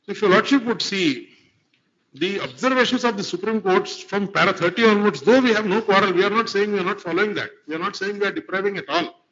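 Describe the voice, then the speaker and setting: Indian male advocate, high-pitched, courtroom argument, dull lo-fi recording. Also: fast, a bit bright. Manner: formal, addresses the bench as my lord throughout. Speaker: advocate arguing before a court. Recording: lo-fi courtroom livestream audio.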